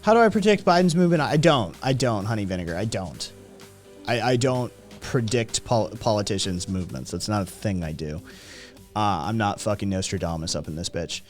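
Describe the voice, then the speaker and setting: A man's voice: on the low side, lively intonation, brisk, faint music behind. A man hosting a casual livestream, reading statistics and chat messages aloud and reacting with profane, sardonic comments.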